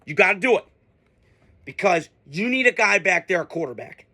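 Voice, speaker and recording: A man's voice: high-pitched, lively intonation, normal speed, bright, forceful tone. A man hosting a sports show, ranting casually with heated, profane, exasperated outbursts. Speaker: sports podcast host.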